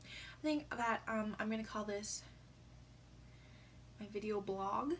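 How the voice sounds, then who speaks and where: A woman's voice: mid-range voice, takes it slowly, fairly bright tone, a little hiss or hum. A teenage girl talking casually on her vlog, rambling with lots of fillers and sounding teary after crying. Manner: rambling, filler-heavy storytelling. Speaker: vlogger.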